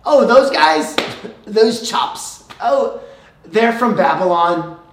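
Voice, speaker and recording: A proud, boastful king eager to show off his riches, played by a preacher in a sermon. The voice is lively and raised. A roomy echo hangs around every word. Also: mid-range voice, takes it slowly, a little hiss or hum.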